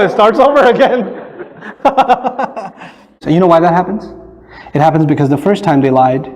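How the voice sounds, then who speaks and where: A man speaker telling funny stories in a lecture, animated and acting out the people he quotes. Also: high-pitched, a little fast, rough recording. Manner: animated, acts out quoted voices. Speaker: Islamic speaker. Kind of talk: humorous lecture storytelling.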